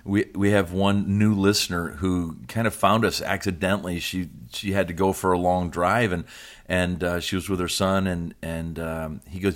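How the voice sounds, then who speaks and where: A man with a fairly low voice hosts a podcast as a pastor. He chats casually, jokes and laughs easily. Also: level tone, normal speed. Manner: chatty, joking, laughs often. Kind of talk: casual chat.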